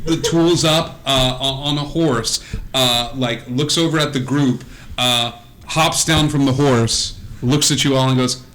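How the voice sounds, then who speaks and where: A man narrating as game master in a tabletop game, rambling with lots of fillers and animated storytelling. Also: medium pitch, measured pace, poor audio.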